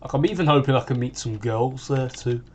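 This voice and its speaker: British teen lad, 16, rambling gaming chatter, faint keyboard clatter behind. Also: male voice, medium pitch, brisk, a little hiss or hum. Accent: British English. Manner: rambling, full of "like" and restarts. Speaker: gaming channel host. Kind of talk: casual chat while gaming.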